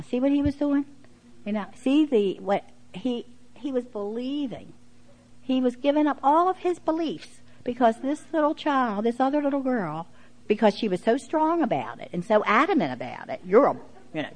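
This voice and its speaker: A woman's voice: high voice, animated, normal speed, a little mellow, rough recording. A middle-aged woman giving a sermon in an earnest, conversational way, with frequent "you know" asides. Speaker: preacher and preschool teacher.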